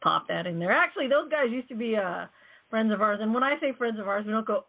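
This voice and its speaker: A woman hosting a radio show in casual, rambling chat, her voice going hoarse. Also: fairly high pitch, animated, quick pace. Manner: chatty, rambling, joking. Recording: phone-like narrow band.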